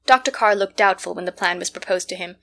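Woman reading an old novel out loud, steady clear storytelling. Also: fairly low pitch, quick pace. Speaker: reader. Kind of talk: scripted narration of a classic novel.

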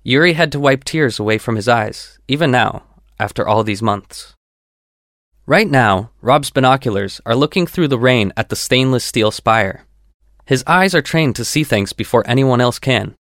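A man narrating a written story in a measured, descriptive way. His voice sits at a middle pitch, and the recording is dry and close with no room sound. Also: lively intonation, fairly bright tone, no room sound. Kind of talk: scripted narration.

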